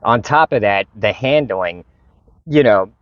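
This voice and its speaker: Brief: low-voiced man, frustrated and profane casual storyteller, dry muffled lo-fi recording. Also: lively intonation, a little slow, dry recording. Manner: frustrated, profane, retells conversations. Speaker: vlogger. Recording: dull lo-fi recording.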